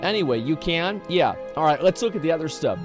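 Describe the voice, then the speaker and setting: Male streamer, high voice, live reaction commentary, blunt, profane, repeats words when heated, faint music behind. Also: animated, a little fast. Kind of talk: live reaction commentary, reading posts aloud.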